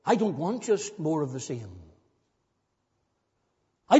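A man's voice: on the high side, very animated, a little slow, pauses often, mellow, breathy edge. A male pastor preaching a sermon in a church, earnest and building to emphatic repetition. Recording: long church reverb, dull lo-fi sound.

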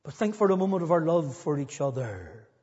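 A man preaches with an earnest, rising intensity, his voice pitched high and a little husky. The sound carries a long church reverb. The recording is dull and lo-fi. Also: big pitch swings, fairly quick, dark tone. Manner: earnest, building to emphatic repetition. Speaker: pastor. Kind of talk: sermon.

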